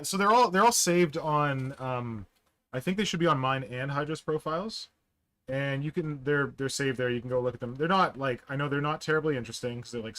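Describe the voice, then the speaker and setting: Male host, mid pitch, casual video-call chat, animated storyteller. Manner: chatty, animated storyteller with quick asides. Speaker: podcast host. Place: in Toronto.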